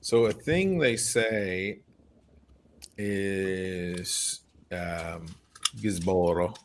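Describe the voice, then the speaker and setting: A man's voice: deep voice, drawn-out words, a little hiss or hum. A tired, slightly drunk man with an Irish accent, hosting a loose chat, swearing freely and laughing. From Ireland. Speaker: podcast host. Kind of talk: casual late-night chat.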